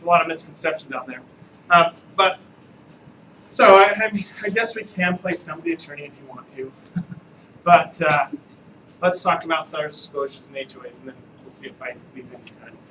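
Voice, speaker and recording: A man's voice: fairly high pitch, brisk, pushed and bright, slight background noise, poor audio. A man, an attorney, giving a casual, joking live training talk to real estate agents and asking the room questions.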